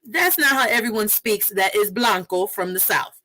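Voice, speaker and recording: A woman's voice: mid-range voice, expressive, moderate pace, sharp tone, poor audio. A woman hosting a podcast, talking in an outspoken, casual way and dropping Spanish words into her English. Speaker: podcast host.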